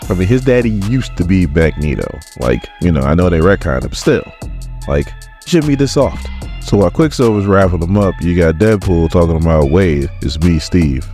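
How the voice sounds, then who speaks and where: A man's voice: deep voice, lively intonation, brisk, warm tone, soft background music. A man casually recapping a comic book, retelling scenes with laughs and quoted lines.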